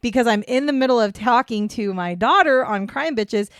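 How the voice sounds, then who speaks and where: A woman's voice: fairly high pitch, moderate pace, no echo, studio quality. A woman co-hosting a casual true-crime podcast, rambling and self-deprecating, breaking into giggles as she talks. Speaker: podcast co-host.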